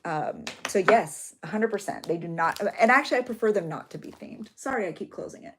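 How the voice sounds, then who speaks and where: A woman's voice: mid-range voice, expressive, a little fast, a little hiss or hum. Middle-aged woman, chatty emotional craft vlogger. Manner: chatty, emotional, tearful at times. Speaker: journaling channel host. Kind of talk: chatty crafting vlog talk.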